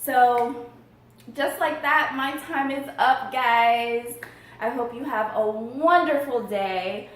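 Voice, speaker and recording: Slow-talking woman vlogger in echoey room. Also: fairly high pitch, fairly bright tone, far from the mic. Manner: upbeat, murmurs between bites, giggly. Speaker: mukbang vlogger. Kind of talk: casual eating vlog chat.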